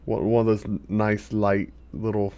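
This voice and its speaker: A man running a tabletop game as dungeon master, narrating in an animated way and chuckling often. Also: lowish voice, moderate pace, no room sound.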